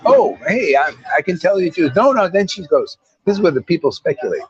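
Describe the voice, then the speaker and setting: A man's voice: fairly high pitch, animated, fairly quick, breathy edge, lo-fi sound. A man giving an informal devotional talk as a spiritual teacher, blunt, preachy and full of slang.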